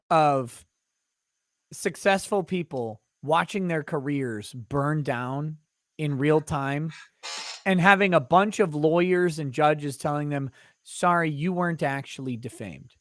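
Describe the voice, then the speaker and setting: A man hosting a casual interview, ranting in a quick, indignant way. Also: fairly high pitch, no echo, studio quality. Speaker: host.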